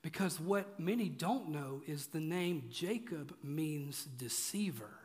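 A male pastor speaks slowly, his voice on the high side, a little mellow and slightly rough, with lively intonation. His sermon in the church auditorium is casual and joking, driving points home through repetition, and the hall's echo fills the recording.

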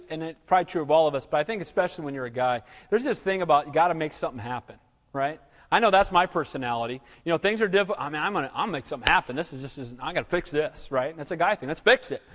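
A man preaching a sermon in a conversational style, asking the room rhetorical questions and calling for amens. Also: sits high. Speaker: pastor. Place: church hall. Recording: long reverb in a large room.

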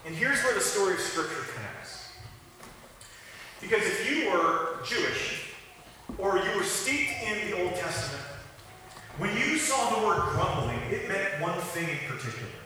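High bright-voiced man preaching in an echoey hall. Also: sing-song, moderate pace, slight background noise. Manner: conversational, joking asides to the congregation. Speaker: pastor. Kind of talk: sermon. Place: church sanctuary. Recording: echoey hall, mic from a distance.

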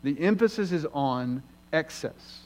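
A man's voice: on the high side, expressive, a little slow, poor audio. A man preaching an expository sermon, earnest and emphatic, asking his listeners rhetorical questions.

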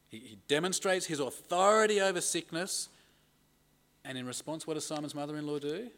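A man's voice: a little high, animated, normal speed, fairly bright tone. A middle-aged man preaching a conversational sermon and reading scripture aloud with emphasis. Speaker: pastor.

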